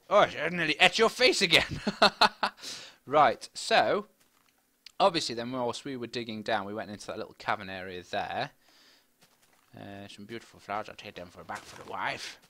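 A middle-aged man giving rambling, chatty commentary while playing a game. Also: lowish voice. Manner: chatty, rambling, bursts into excited squeals. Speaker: gaming commentator. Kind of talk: casual let's-play commentary. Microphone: desk microphone with face cam.

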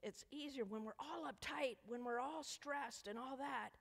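A woman's voice: high-pitched, normal speed, vocal fry, breathy edge. A woman leading a children's sermon in a church, coaxing the kids with playful questions. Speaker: children's message leader. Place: church sanctuary. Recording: echoey church hall.

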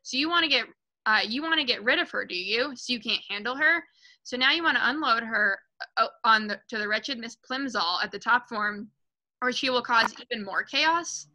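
A huge, scornful headmistress barks, snaps and mocks, as a woman reading aloud puts her on. The voice is bright and pitched high. It booms with contempt. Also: expressive, normal speed, rough recording. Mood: bullying. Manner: barking, snapping, mocking. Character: huge bullying female headmistress, loud and scornful.

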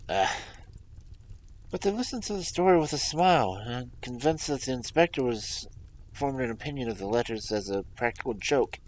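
A frightened young man , as a man reading a story voices him, tells his trouble in a worried, halting way. The pitch wanders expressively between low, heavy phrases and tenser rises. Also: a little hiss or hum, close to an everyday voice, rough recording. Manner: worried, halting, anxious retelling.

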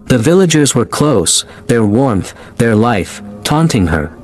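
Male horror narrator, mid-pitched, measured and dramatic, soft music underneath. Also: very animated. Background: faint music.

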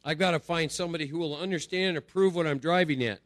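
A middle-aged man speaks to a recovery group about spiritual practice in a loose, conversational way, repeating phrases and tossing in "right?". His voice sits slightly high for a man. The sound is close and dry, with almost no room in it. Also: fast, fairly bright tone, no echo.

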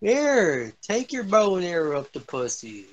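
A young man swearing and yelling his way through a shooter game as a gaming streamer. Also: high voice, sing-song, a little slow, muffled recording. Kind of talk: angry gameplay commentary.

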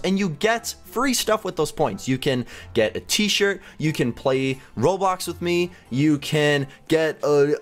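Excitable young man narrating gameplay. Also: a little high. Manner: excitable, rambling, laughs and gasps often. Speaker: gaming channel host.

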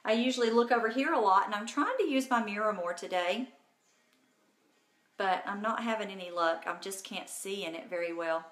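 A woman's voice: medium pitch, normal speed, a bit bright, reverberant. A woman hosting a casual live makeup tutorial from home, chatty and bubbly, talking to viewers by name. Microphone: phone.

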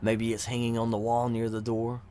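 A man's voice: medium pitch, monotone, normal speed, warm tone, a little hiss or hum, lightly acted. A man voicing a gleeful, giggling old male necromancer locked in a prison cell, talking in a sly, gloating way.

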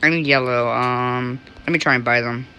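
A woman chatting casually while playing an online game, talking along and breaking into excited cries. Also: extremely low pitch, normal speed, a little hiss or hum. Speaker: gamer.

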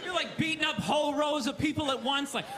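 A male stand-up comedian rants with loud, sarcastic energy, his voice pushed very high. He is recorded live on stage, with audience laughter and a layer of room noise under every line. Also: a little fast, over a noisy crowd. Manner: loud ranting sarcastic delivery. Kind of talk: stand-up set. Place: theater stage.

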